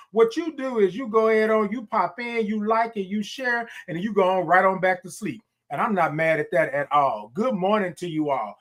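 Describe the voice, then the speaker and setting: A man's voice: sits high, a bit bright. A man hosting a casual morning livestream, greeting viewers by name, calling them y'all, and stretching his greetings into long sung notes. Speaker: livestream host. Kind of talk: upbeat morning livestream chat.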